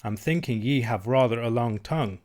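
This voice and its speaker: A man reading aloud, voicing a young, tender-hearted Scottish innkeeper's lass with a soft, artless manner. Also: mid-range voice, normal speed, lightly acted. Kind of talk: audiobook reading.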